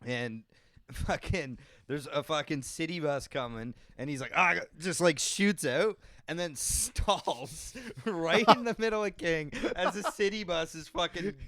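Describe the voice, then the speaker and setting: A man's voice: on the high side, unhurried, a bit bright, no room sound. A young man co-hosting a podcast, laid-back in casual chat, laughing and swearing through his stories. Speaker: podcast co-host.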